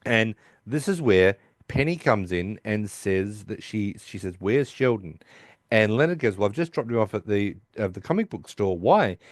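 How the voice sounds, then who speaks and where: A man's voice: fairly low pitch, lively intonation, moderate pace, no room sound, studio quality. A man hosting a podcast, casually recapping a sitcom episode and acting out the characters' lines as he goes. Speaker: podcast host.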